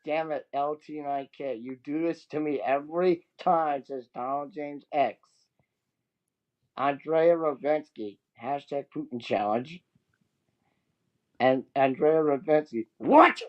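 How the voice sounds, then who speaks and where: A man's voice: a little high, steady tone, slow pace, muffled recording. A man from the Southeast, chatting casually and joking as a guest on a live stream over a remote call. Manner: joking, laughs often. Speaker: guest debater.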